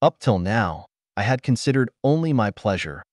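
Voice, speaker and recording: A man's voice: lowish voice, very animated, normal speed, no echo, studio quality. A man narrating a scripted audiobook story in first person, telling it expressively.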